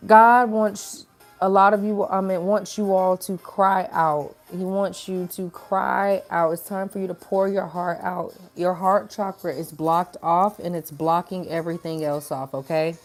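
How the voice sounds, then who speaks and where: Over soft background music, a woman with a mid-range voice speaks a little slowly and with flat delivery. As a spiritual message creator, she gives viewers a chatty, colloquial pep talk, calling them y'all and acting out quoted dialogue.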